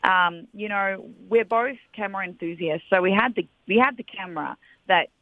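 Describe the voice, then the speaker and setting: A woman's voice: mid-range voice, moderate pace, dry recording. Brief: young Australian woman, chatty guest down a tinny phone line, dry sound. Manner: chatty, laughs often. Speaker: guest singer. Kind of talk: casual phone interview.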